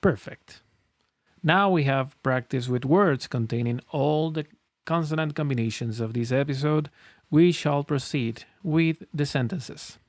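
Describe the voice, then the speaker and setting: A man's voice: a little high, measured pace, dry recording. A man teaching phonics, patiently sounding out letters and words for learners to repeat. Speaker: language teacher. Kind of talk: phonics lesson, slow drilled pronunciation. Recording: dry close recording with faint music.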